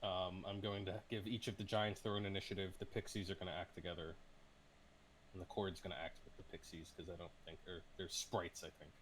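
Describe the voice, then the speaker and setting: A man narrating a tabletop game as game master, in measured, descriptive narration. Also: low voice, flat delivery, a little hiss or hum.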